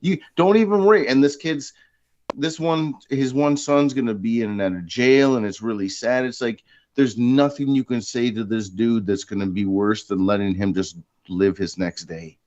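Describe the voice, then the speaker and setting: A man's voice: on the low side, moderate pace, a little mellow, lo-fi sound. A man in casual chat, rambling and crude.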